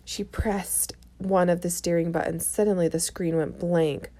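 A woman's voice: lowish voice, steady tone, measured pace, noisy background. A woman reading a children's chapter book aloud, chatting to young listeners between chapters. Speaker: storybook reader.

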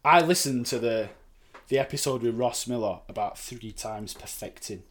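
A man's voice: medium pitch, normal speed. A young man from Sheffield with a Sheffield accent, telling a story with lots of swearing and laughter on a podcast. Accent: Sheffield English. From England. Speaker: podcast guest. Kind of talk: casual storytelling chat.

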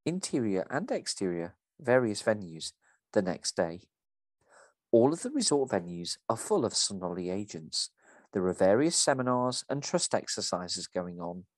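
A man's voice: fairly low pitch, very animated, normal speed, dry recording. A man co-hosting a podcast, reading a script aloud and discussing it with a theatrical delivery.

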